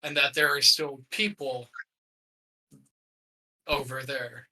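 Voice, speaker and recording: A man's voice: mid-range voice, fairly even intonation, slow pace, bright, forceful tone, poor audio. A man playing a tabletop game, asking questions and laughing. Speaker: player. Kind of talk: casual tabletop game play.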